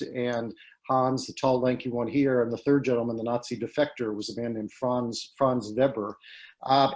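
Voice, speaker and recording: A man's voice: mid-range voice, darkish tone. A man speaking on a video call, telling a story with frequent fillers and restarts. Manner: hesitant, many fillers and restarts. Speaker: guest speaker.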